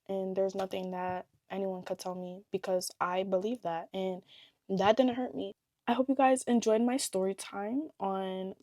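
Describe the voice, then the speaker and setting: A woman's voice: medium pitch, a little mellow, no room sound. Young woman vlogger, casual storytime, blunt and profane, keeps laughing, mid-range voice, dry close sound.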